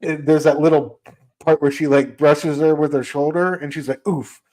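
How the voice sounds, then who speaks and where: A man's voice: on the high side, little pitch movement, moderate pace, a little mellow. A man co-hosting a podcast, casually and animatedly retelling a comic's plot and acting out the characters' lines. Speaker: podcast co-host. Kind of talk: casual comic book discussion.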